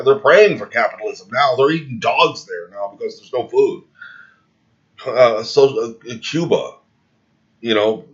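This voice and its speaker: A man speaking in a heated opinion monologue, rambling and restarting his words, recorded with dull, lo-fi sound. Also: mid-range voice. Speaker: video commentator.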